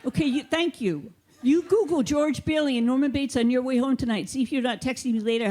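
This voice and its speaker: A woman comedian delivers her set with a deadpan, mock-authoritative manner. Her voice sits somewhat higher than most women's. She is recorded through a handheld mic on a theater stage. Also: a little fast, hardly any pauses, a little hiss or hum. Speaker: stand-up comedian.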